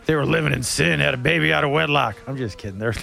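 Against slight background noise, a man with a highish, fast voice and some vocal fry rambles through a comic radio story. He chats casually, joking and laughing in an animated way.

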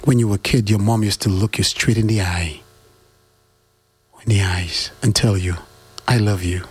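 A man giving a heartfelt motivational monologue to his listeners, preachy and repetitive, with his pitch jumping up to stress his questions. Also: steady tone, normal speed, slightly rough. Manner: preachy, repeats questions, swings pitch up for emphasis.

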